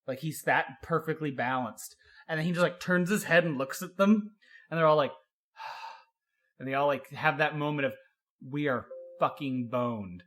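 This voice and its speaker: Young guy on a podcast, rambly animated storytelling, slightly high voice, laughs a lot. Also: normal speed. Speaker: podcast co-host. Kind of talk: casual chat.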